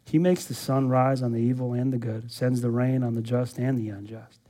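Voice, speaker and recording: A man's voice: medium pitch, fairly even intonation, normal speed, warm tone. A man pastor preaching an expository sermon, emphatic, repeating words and putting rhetorical questions to the congregation.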